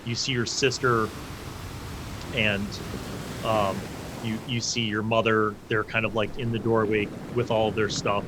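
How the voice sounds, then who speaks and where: A man's voice: on the low side, flat delivery, measured pace, noisy background. A man narrating as game master of a tabletop game, rambling with lots of fillers and restarts.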